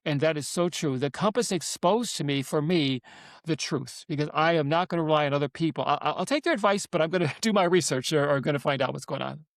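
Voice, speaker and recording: Emphatic high-voiced man in his seventies. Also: fast talker, no echo, studio quality. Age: 70s. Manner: animated, emphatic, repeats himself. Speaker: guest author. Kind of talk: interview storytelling.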